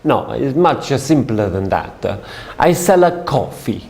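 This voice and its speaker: A man's voice: mid-range voice, very animated, creaky, a little mellow, slight background noise. A man putting on a cheery businessman. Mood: insistent. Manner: halting, with broken grammar and repeated starts. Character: small, amused Italian businessman around fifty.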